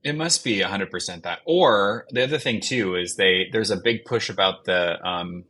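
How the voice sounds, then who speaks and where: Easygoing male guest, lowish pitch, bright edge, slightly raspy; casual banter. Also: normal speed. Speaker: podcast guest. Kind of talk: casual movie review chat.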